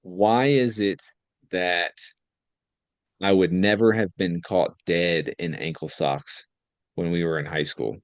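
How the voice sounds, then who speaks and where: Low-voiced young man joking on a podcast. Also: fairly even intonation, takes it slowly, no echo. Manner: joking, rambling, laughs often. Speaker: podcast co-host. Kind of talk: casual chat.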